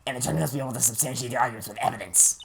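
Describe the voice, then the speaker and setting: A man's voice: medium pitch, vocal fry, background noise, lightly acted. A man reading the lines of a smug, condescending older male prosecutor in a patronizing tone. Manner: patronizing, slow chuckle.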